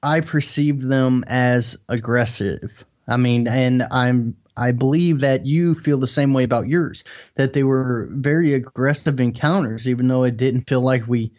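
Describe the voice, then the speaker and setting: A man's voice: medium pitch, measured pace, a little mellow. A man hosting a casual interview, easygoing and reassuring toward his guest. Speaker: interviewer, show host. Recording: slightly dull, lo-fi sound.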